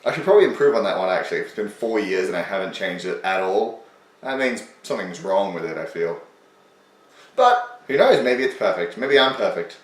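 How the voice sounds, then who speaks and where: A man's voice: deep voice, animated, brisk, reverberant, recorded from a distance. A man hosting a casual, self-mocking commentary on his own old video, sarcastic and swearing freely.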